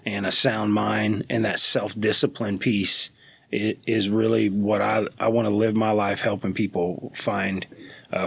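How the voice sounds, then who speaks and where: A middle-aged man from South Louisiana with a Cajun accent, a pastor chatting as a podcast guest and telling animated stories. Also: fairly low pitch, vocal fry, husky, dry recording. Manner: animated storyteller with frequent restarts. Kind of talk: conversational podcast interview.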